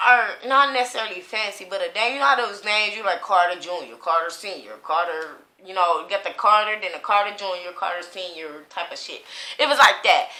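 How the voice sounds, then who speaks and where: A woman in a casual tarot reading, her voice bright and sharp as she rambles on with plenty of swearing. The room around her is echoey. She jumps from one thought to the next. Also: mid-range voice. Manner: rambling, profane, stream-of-consciousness. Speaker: tarot reader.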